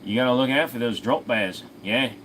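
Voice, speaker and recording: A man's voice: mid-range voice, moderate pace, fairly bright tone, slight background noise, low-quality recording. A man hosting a casual livestream Q&A, reading out viewer comments and answering them in an offhand, profane way. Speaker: host.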